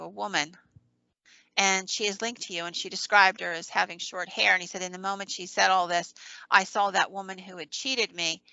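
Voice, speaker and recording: A woman hosting a podcast, retelling a story with quoted dialogue, pausing with ums and restarting sentences. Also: medium pitch, vocal fry, sharp tone, dry recording, lo-fi sound. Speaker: podcast host. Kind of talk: casual storytelling.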